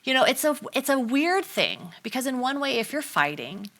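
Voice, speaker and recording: A woman speaking as a guest on a talk show, explaining her ideas in a lively, storytelling way and acting out quoted family arguments. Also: sits high, moderate pace. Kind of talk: casual chat on a talk show.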